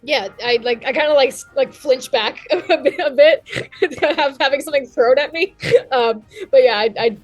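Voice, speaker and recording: A woman playing a tabletop game, speaking hesitantly and politely in halting phrases. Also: high-pitched, soft background music, low-quality recording. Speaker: player.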